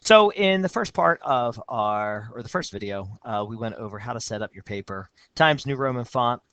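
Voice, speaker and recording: A male teacher goes through a student essay in a recorded lesson with a screen walkthrough, reading passages aloud and commenting with upbeat energy. His medium-pitched voice is lively and a bit bright, at normal speed, with no echo.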